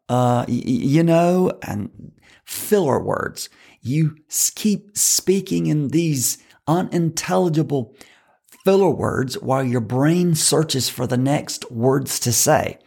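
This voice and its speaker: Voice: medium pitch, vocal fry, darkish tone, slightly rough. A coach for fundraisers teaching public speaking in an instructional talk, emphatic and repeating key words.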